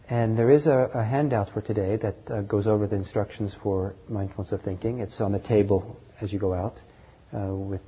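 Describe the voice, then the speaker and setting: A man teaching meditation to a live group, talking in a halting way with fillers, restarts and soft chuckles. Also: on the low side, slightly rough. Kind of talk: dharma talk to a group. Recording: dull lo-fi talk recording.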